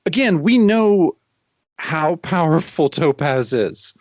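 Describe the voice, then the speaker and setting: A man co-hosting a podcast, chatting casually and retelling scenes in a relaxed, agreeable way. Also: fairly high pitch, takes it slowly, no echo, dull audio. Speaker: podcast co-host. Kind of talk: casual chat.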